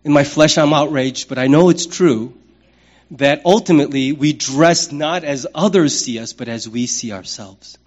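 High-voiced man preaching a sermon. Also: normal speed, dull audio. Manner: conversational and humorous, with lively acted-out asides. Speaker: pastor.

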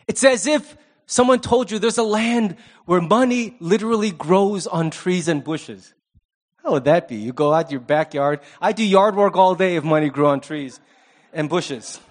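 A man preaching a sermon in a conversational way, with humorous asides and acted-out quotes. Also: high-pitched. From Asian American. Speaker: pastor.

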